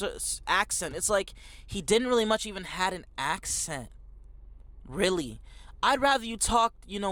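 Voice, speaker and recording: Ranting man with a high-ish voice. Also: fairly bright tone, no room sound. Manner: emphatic, repetitive, slangy, calls viewers bro. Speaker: movie reviewer. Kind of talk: out-of-theater reaction rant.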